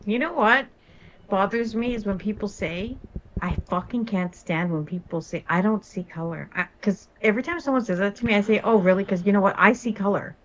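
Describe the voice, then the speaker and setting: A woman's voice: medium pitch, brisk, muffled recording, slight background noise. A woman from Toronto chatting as co-host in a live stream, talking bluntly and emphatically and swearing freely. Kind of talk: casual chat.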